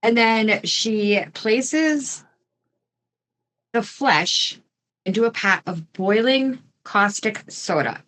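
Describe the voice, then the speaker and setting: A woman's voice: a little high, drawn-out words, fairly bright tone, low-quality recording. A woman hosting a true crime podcast, telling the case in a casual, chatty way with jokey asides. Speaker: podcast host.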